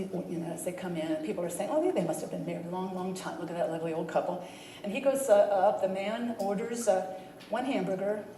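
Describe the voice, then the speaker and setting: A woman's voice: lowish voice, warm tone, a little hiss or hum. A woman minister giving a folksy, rambling sermon with many fillers. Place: church sanctuary. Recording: echoey church room.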